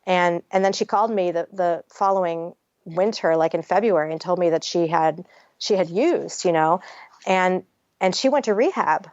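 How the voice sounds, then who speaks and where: A woman's voice: fairly low pitch, moderate pace, darkish tone, no room sound. A woman guest author telling her personal story frankly in a podcast interview, chatty and peppered with swearing. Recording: dry, slightly dull audio.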